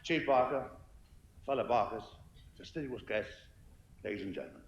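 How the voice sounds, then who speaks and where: A hoarse man giving an after-dinner comedy speech as guest of honour, trading deadpan one-liners and self-mocking asides in front of a lunch audience. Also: fairly low pitch, moderate pace, a little hiss or hum. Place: banquet hall before a lunch audience. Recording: muffled archive recording, echoey banquet hall, loud laughing crowd.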